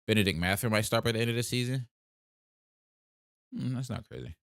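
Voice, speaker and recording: A man's voice: medium pitch, a little fast, vocal fry, fairly bright tone, smooth, no room sound, clean studio sound. A young man from South Jersey with a South Jersey accent, hosting a laid-back livestream and chatting casually as he answers comments. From South Jersey, USA. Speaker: livestream host. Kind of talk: casual live-stream chat reading comments.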